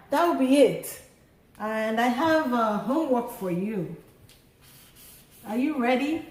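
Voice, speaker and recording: A woman teaching a language lesson, drawing words out slowly and sounding their tones in drills. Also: fairly high pitch, darkish tone, roomy sound, low-quality recording. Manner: drawn-out sung word drills. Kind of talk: slow tone-marking lesson.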